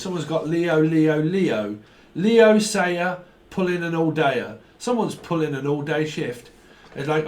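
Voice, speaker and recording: A man with a voice pitched a little high gives a loose, free-association tarot reading. He jumps from pun to pun and drifts into bits of songs and goofy voices as he goes. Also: lively intonation, moderate pace. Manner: playful, punning, breaks into snatches of song and silly voices. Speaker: tarot reader.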